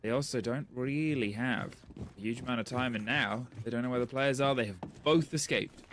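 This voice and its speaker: A man with a mid-range voice gives casual, chatty color commentary on an esports match. He sounds relaxed and laughs easily, with faint noise in the background. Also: medium pitch, normal speed.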